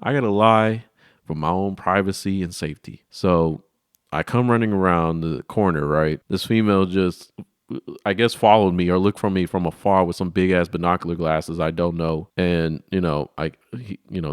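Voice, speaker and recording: A young man telling a childhood story in a profane, animated, rambling way. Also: sits low, normal speed, smooth, dry recording, clean studio sound. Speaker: vlogger. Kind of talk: comedic storytelling.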